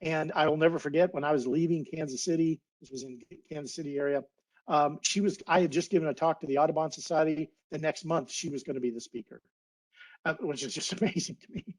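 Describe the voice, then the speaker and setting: A man's voice: fairly high pitch, quick pace, low-quality recording. A man giving an earnest, heartfelt webinar talk over a video call, getting a little emotional. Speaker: guest speaker, naturalist biologist.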